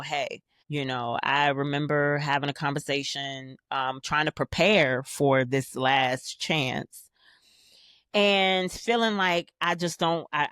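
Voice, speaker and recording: A woman's voice: deep voice, a bit bright, dry recording, clean studio sound. A woman hosting a solo podcast, casually telling a personal story in a candid, storytelling way with frequent restarts. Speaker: podcast host.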